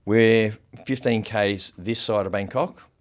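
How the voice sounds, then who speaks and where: A male podcast guest relates a personal anecdote in a relaxed yet animated manner, swearing freely and using many fillers. His voice is lowish, and he speaks slowly.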